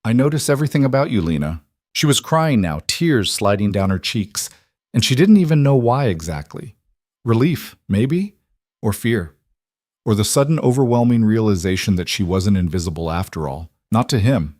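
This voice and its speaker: A man narrating a romance audiobook at a steady, measured pace. His voice is on the low side and sounds dry and close, with no room echo at all.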